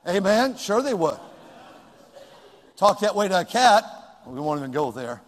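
A middle-aged male pastor preaching a sermon, swinging between loud exclamations and hushed, close remarks. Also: high-pitched, very animated, a little slow. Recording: long hall reverb.

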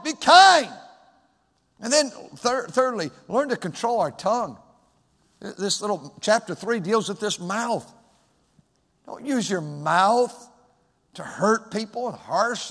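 Male pastor, high voice, sermon delivery that swings between shouting and hushed asides, long hall reverb. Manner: swings from loud shouted emphasis to hushed, soft speech. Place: large church sanctuary.

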